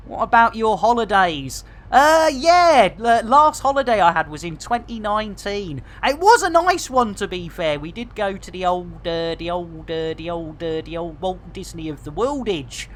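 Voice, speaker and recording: A man's voice: sits high, expressive, moderate pace, few pauses, fairly bright tone. A man rambling casually to his chat while streaming a game. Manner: chatty, rambling, jokey.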